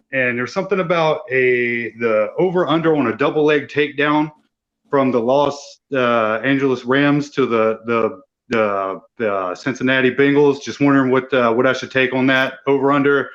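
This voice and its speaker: Joking friend popping into a call, lo-fi muffled audio. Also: male voice, medium pitch, moderate pace, fairly bright tone. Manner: rambling, joking. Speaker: drop-in guest. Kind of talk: casual banter on a call.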